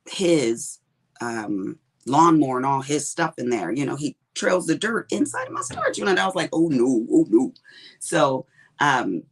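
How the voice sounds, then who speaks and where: A middle-aged woman with a Texas accent, chatting casually with viewers on her crafting livestream and calling them honey and baby. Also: low-pitched. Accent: Texan. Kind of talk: casual chat with viewers while diamond painting.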